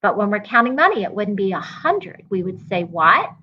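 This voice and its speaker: A woman's voice: medium pitch, sing-song, muffled recording, a little hiss or hum. A woman teacher giving a math lesson to young children, chanting coin rhymes and counting along with them. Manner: slow, sing-song coin rhymes with call-and-response.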